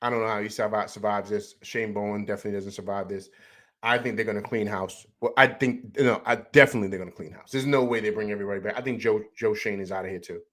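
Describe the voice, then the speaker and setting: A man's voice: fairly low pitch, fairly even intonation, fast talker, fairly bright tone. A man hosting a postgame sports show, upset after a loss, ranting in a heated, rambling way with many repeated words and restarts. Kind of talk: emotional postgame sports rant.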